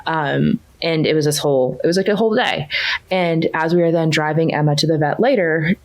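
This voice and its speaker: Low-voiced woman telling a family story. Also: a little fast. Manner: animated, rises high when quoting her kids. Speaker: coaching client sharing her story. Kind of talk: casual conversational storytelling.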